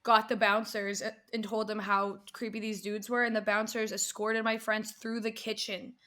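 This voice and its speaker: A young woman co-hosting a podcast, telling a story in a lively casual chat, laughing and swearing as she goes. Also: medium pitch, moderate pace. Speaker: podcast co-host.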